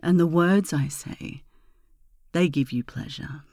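An erotic audio performer in a whispered role-play, speaking in a slow, teasing, breathy murmur that swells into loud moans. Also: medium pitch, no room sound, clean studio sound.

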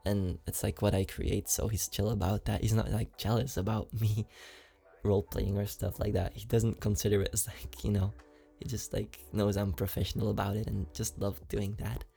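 A man's voice: fairly low pitch, level tone, normal speed, creaky, mellow, faint music behind. A man with a slight foreign accent, an ASMR creator answering fan questions in casual, chatty talk with lots of fillers and giggles.

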